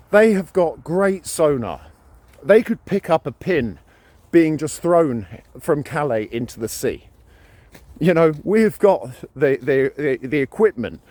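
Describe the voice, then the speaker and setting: A man's voice: fairly high pitch, very animated, unhurried, a little mellow, dry recording. A British man delivering an emphatic, ranting opinion monologue to camera, often repeating his words for emphasis. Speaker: vlogger.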